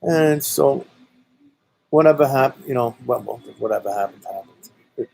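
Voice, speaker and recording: A man's voice: medium pitch, measured pace, gravelly, mellow, breathy edge, soft background music, rough recording. A man from Brooklyn with a Brooklyn accent telling a story in a blunt, profane, rambling way, full of "you know"s. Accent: Brooklyn New York. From Brooklyn, New York. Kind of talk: casual spoken storytelling.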